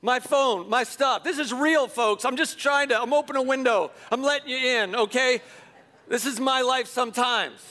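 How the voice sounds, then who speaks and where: A middle-aged man, a pastor, telling a self-deprecating story in a sermon, animated and chuckling as he goes. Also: extremely high pitch, normal speed. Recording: long hall reverb.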